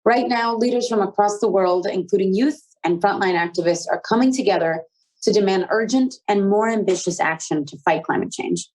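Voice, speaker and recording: A woman's voice: mid-range voice, fairly quick, darkish tone, low-quality recording. A young woman hosting a conversation, presenting with eager, upbeat energy. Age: young adult. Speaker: host of the youth conversation. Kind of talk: scripted presenting and casual questions.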